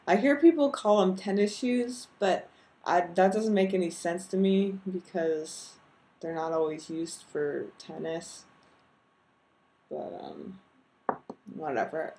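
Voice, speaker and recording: Slow, gravelly low-key young woman. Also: a little mellow. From Texas. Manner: low-key, self-deprecating, hesitant with many ums. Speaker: video blogger. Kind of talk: casual chat and word-list reading.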